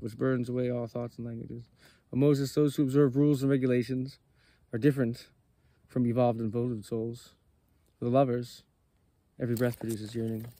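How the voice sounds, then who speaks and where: A man voicing God as a divine male figure, reading his lines in a measured, solemn way. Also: medium pitch, creaky, warm tone, dry recording, lightly acted.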